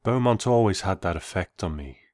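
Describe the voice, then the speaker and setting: Deep male narrator for a reflective first-person tale; unhurried, dry booth sound. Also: animated, darkish tone, no room sound. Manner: measured, reflective. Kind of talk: first-person story reading.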